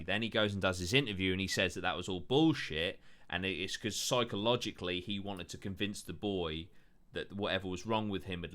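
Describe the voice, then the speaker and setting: A man's voice: sits low, sharp tone. A man hosting a podcast in casual, rambling chat, full of swearing and fillers. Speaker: podcast host.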